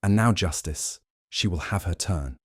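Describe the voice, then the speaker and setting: Poirot, a man voicing a deep, theatrical detective. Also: husky, no room sound, clean studio sound. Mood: triumphant. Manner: measured, dramatic accusations with French phrases. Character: shrewd, theatrical male detective, middle-aged, accusing. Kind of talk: audiobook character reading.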